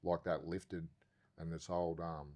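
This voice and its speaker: An Australian podcast guest with a very low voice tells a casual story as he would to a mate, speaking a little slowly. Loose and animated, he swears in nearly every sentence and rambles, drifting off and circling back.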